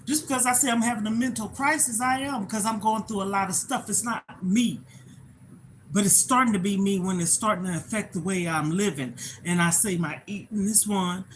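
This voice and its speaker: A woman's voice: medium pitch, a little fast, slight background noise, poor audio. Emotional middle-aged woman ranting on a livestream. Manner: emotional, repetitive, plainspoken ranting. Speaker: livestream host. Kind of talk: emotional personal livestream monologue.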